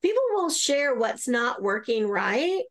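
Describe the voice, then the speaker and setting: A woman's voice: fairly high pitch, sing-song, a little slow. A woman guest who works as an energy healer, talking in an enthusiastic, chatty way. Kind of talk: casual interview conversation.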